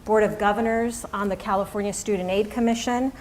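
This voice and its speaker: Middle-aged female moderator, deliberate and earnest, light background hiss. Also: mid-range voice, fairly even intonation, a little mellow. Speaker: forum moderator. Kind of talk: moderating a public forum.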